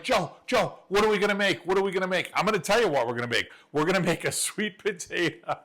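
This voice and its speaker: A man's voice: fairly high pitch, sharp tone. A man hosting a cooking show from his kitchen, talking to viewers in an enthusiastic, folksy, chatty way. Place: home kitchen.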